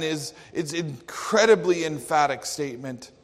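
A man preaches a sermon earnestly and emphatically, acting out quotes. His voice is a little high and a little slow, and the recording has a long hall reverb.

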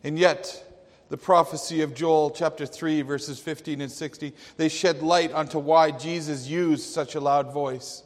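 A man preaching a sermon, slow and emphatic, with dramatic quotations. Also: on the high side, steady tone. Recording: long hall reverb.

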